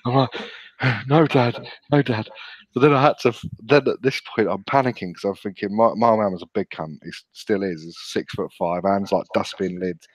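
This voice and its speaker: A man's voice: on the low side, fairly quick, no echo, low-quality recording. Sweary British man telling a story. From England. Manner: sweary, laughs often, animated retelling. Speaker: podcast co-host. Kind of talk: casual storytelling.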